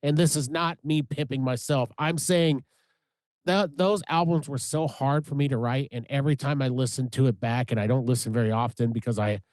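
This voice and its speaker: A man's voice: mid-range voice, steady tone, a little fast, a little mellow, dry recording. A man co-hosting a music podcast, talking earnestly in rambling casual chat with lots of restarts. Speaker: podcast co-host.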